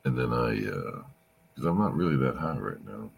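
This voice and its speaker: A middle-aged man hosting a rambling late-night podcast, weary and halting, often losing his thread and sounding emotional. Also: rumbling low, animated, gravelly, a little hiss or hum. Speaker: podcast host.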